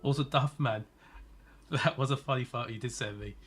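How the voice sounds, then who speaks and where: A man's voice: mid-range voice, moderate pace, fairly bright tone, breathy edge, soft background music. A man live-streaming a racing game, chatting casually and teasing viewers as he answers their messages. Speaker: gaming streamer.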